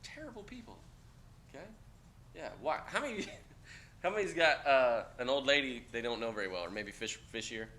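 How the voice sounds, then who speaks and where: A man lecturing a class of cadets, blunt and joking, with loud outbursts. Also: mid-range voice, lively intonation, moderate pace. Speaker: instructor.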